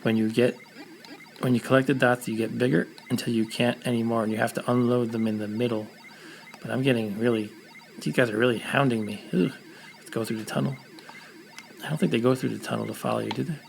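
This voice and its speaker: A man's voice: medium pitch, fairly even intonation, a little fast, gravelly, slight background noise, poor audio. A man with a New York accent, casually chatting to a live-stream audience while playing a retro game, thinking aloud as he goes.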